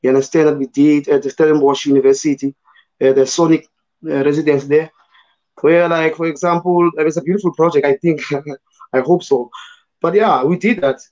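A man from South Africa with a hoarse voice, talking loosely about his writing as a guest in an online panel, full of fillers like "you know" and "man". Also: a little high, fairly even intonation, fairly quick, a little mellow, lo-fi sound. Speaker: guest poet. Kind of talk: casual conversation in a virtual panel.

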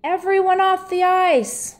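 A woman's voice: mid-range voice, sing-song, slow, darkish tone. A woman putting on a friendly skating coach.

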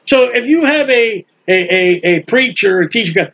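High-voiced lively preacher, lo-fi sound. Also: male voice, moderate pace, few pauses. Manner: animated, acts out bystanders' mocking voices. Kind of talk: Bible study sermon. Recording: dull lo-fi recording.

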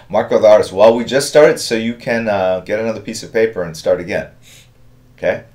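A middle-aged man hosting a live drawing stream, giving relaxed, rambling step-by-step instructions and thanking viewers in the chat. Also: lowish voice, moderate pace. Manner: relaxed, rambling instructions with fillers and chat-reader shout-outs. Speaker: artist hosting a draw-along stream.

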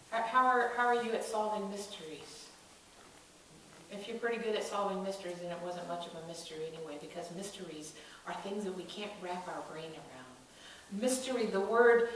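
A woman's voice: medium pitch, a little hiss or hum. A woman pastor giving a sermon, telling stories and acting out the quoted voices as she builds to emphatic calls. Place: church sanctuary. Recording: echoey church from a distant mic.

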